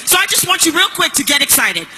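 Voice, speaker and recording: A woman speaking from a stage with a high, very bright and forceful voice. She delivers a punchy motivational speech, hammering each point and rising into shouts. Faint music sits behind her. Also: sing-song, quick pace, long reverb tail, rough recording. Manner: emphatic, punchy, building to shouts. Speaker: network marketing speaker.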